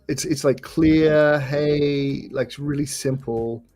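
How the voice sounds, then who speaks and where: A man's voice: on the high side, steady tone, slow pace, a little mellow. A man with an Australian accent, a guest on a developer show. He chats casually and hesitantly, with many fillers. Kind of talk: casual tech chat.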